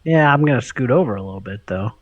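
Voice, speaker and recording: A man's voice: medium pitch, lively intonation, fast, a crowd in the background. A man playing a tabletop game, talking casually and playfully. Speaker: player. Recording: dull lo-fi sound.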